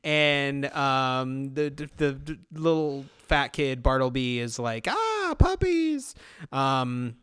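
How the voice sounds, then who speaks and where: A man's voice: medium pitch, level tone, slow, few pauses, a bit bright, clear, resonant tone, no echo, studio quality. A man co-hosting a podcast, sarcastically recapping a movie in a rambling way with lots of restarts. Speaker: podcast co-host. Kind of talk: casual movie recap chat.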